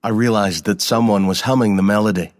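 A man giving a scripted first-person narration of a story in a measured, even manner. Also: on the low side, big-room sound.

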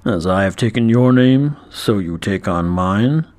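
A man voicing a huge male dragon knight with a deep, slow growl. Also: animated, darkish tone. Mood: wry.

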